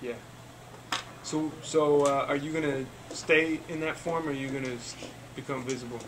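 A man patiently narrating a tabletop game for children as game master, with halting restarts, in a noisy room recording. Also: on the high side, steady tone. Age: adult. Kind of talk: running a tabletop game for kids. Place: school club room.

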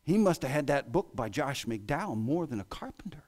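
A man preaching a sermon in a church, with an American accent, swinging between loud exclamations and hushed asides. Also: medium pitch, big pitch swings, moderate pace. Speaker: pastor. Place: church sanctuary.

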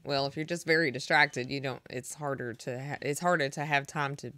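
A young woman streaming music, chatting with her viewers in a flat, deadpan, monotone way. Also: extremely low pitch, fairly quick. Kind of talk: casual chat with live chat.

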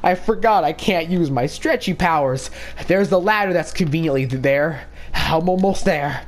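A man's voice: a little high, normal speed, close to an everyday voice. A man voicing a goofy, easygoing male cartoon dog in a Minecraft role-play, hesitant and stammering. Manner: hesitant, stammering, easily confused.

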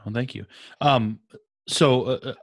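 A man hosting an interview, asking questions hesitantly with pauses and restarts. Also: medium pitch, dry recording, clean studio sound. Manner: hesitant, many fillers and restarts when asking. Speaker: interview host. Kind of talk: conversational interview.

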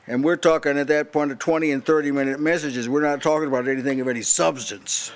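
A man's voice: a little high, fairly even intonation, fast talker. An older man preaching a sermon at a house church meeting, emphatic and challenging, often restarting his sentences.

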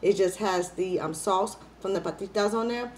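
A young adult woman talking to her viewers in a casual eating vlog, lively and playful and buzzing from coffee. She chats and jokes at a middle pitch. A faint hiss of background noise sits behind her voice. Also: normal speed. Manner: lively, chatty, playful, says y'all a lot. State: hyped up on coffee. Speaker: mukbang vlogger.

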